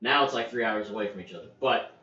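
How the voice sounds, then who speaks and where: A man's voice: on the low side, fast, bright, forceful tone, slight background noise. A man co-hosting a casual podcast chat, making blunt joking remarks. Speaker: podcast co-host. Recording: distant, echoey, dull lo-fi mic.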